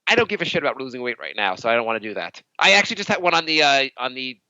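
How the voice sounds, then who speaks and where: A man's voice: medium pitch, big pitch swings, rapid-fire, pushed and bright, no echo. A man co-hosting a podcast, telling rambling stories in casual chat and acting out both sides of each conversation. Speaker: podcast co-host. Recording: dull lo-fi dry podcast mic.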